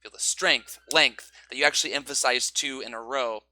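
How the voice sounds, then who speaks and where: A man teaching other teachers how to train stress and intonation, talking in a relaxed, conversational way and chanting rhythms to demonstrate. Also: mid-range voice, normal speed, no room sound. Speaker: English teacher.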